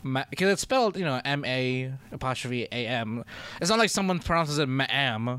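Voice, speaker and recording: A man's voice: medium pitch, expressive, brisk, a bit bright, smooth. A man co-hosting a podcast in casual chat, laid-back and laughing, rambling with restarts. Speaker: podcast co-host.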